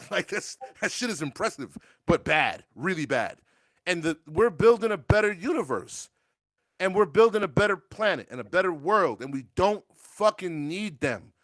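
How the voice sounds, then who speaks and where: A man's voice: sits high, expressive, normal speed, a bit bright, no room sound. A man hosting a show, talking in casual, profane, joking rants. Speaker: show host. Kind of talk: casual podcast banter.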